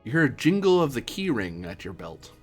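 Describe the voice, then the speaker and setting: A man narrating a tabletop role-playing game as game master, relaxed, with many fillers and self-corrections. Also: medium pitch, a little fast, faint music behind.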